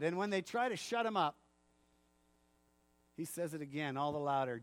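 A man preaching a sermon in a church, animated, acting out the quotes and laughing often. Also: fairly high pitch, unhurried, long pauses, no echo. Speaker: pastor.

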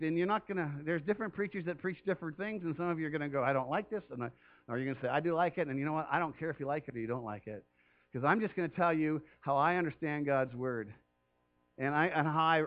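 A man's voice: on the high side, dull audio. A man preaching a sermon as pastor, talking earnestly and conversationally with emphatic rises.

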